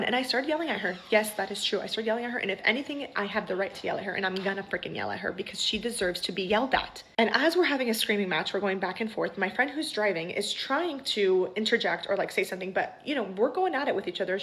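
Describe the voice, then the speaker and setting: A woman's voice: mid-range voice, fast talker, few pauses, a bit bright, rough recording. A woman vlogger telling a story in a heated, indignant rant, full of "like" fillers.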